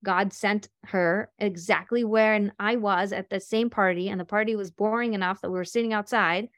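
A woman's voice: medium pitch, fairly even intonation, normal speed, a bit bright, dry recording, clean studio sound. A woman coach giving a faith-based talk in a chatty storytelling manner, acting out the people she quotes. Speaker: life and business coach.

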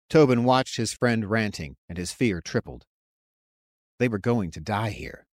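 A man narrating a fantasy novel as an audiobook, in a measured storytelling manner on a close mic. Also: on the low side, animated, darkish tone, no echo.

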